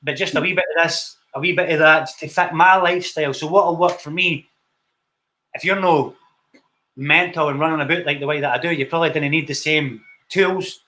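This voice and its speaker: A man's voice: fairly high pitch, fairly even intonation, brisk, bright, forceful tone. A young Scottish man, a film director, telling his story in a casual interview, blunt and swearing freely. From Scotland. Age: young adult.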